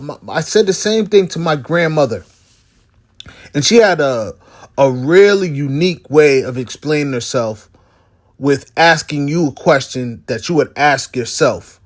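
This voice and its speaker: High-voiced man telling a rambling story. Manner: rambling, with many restarts and "you know" fillers. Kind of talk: personal storytelling monologue.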